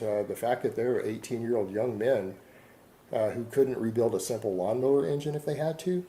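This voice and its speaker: Middle-aged texan guy rambling to camera, dark mellow voice, bit of hiss behind. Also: fairly low pitch, poor audio. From Texas. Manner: defiant, rambling, rhetorical questions. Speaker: online video creator. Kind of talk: casual monologue to camera.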